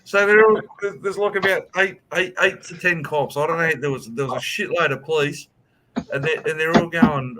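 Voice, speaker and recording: A man's voice: on the high side, normal speed, very noisy. A young man casually telling a story in online voice chat, swearing and acting out what people said. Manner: animated, swearing, acts out quotes. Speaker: host.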